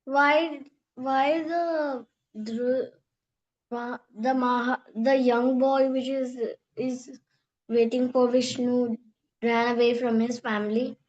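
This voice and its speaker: Hesitant slow-talking student, fairly high voice, on a dull video call. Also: female voice, steady tone, a little mellow. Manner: hesitant questions with restarts. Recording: dull online call audio.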